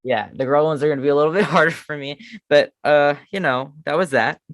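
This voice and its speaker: A man's voice: a little high, a little fast, fairly bright tone, dry recording. A man co-hosting a casual fan podcast, chatting enthusiastically and poking fun at himself. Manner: enthusiastic fan talk, self-deprecating. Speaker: podcast co-host. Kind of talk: casual chat.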